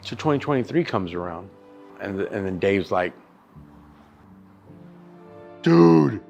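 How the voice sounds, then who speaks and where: A man's voice: sits low, lively intonation, brisk, highs cut off, soft background music. A man, a barbecue pitmaster and chef, telling his story in a casual interview with emphatic, profane talk. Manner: emphatic and profane, calls the listener dude and bro.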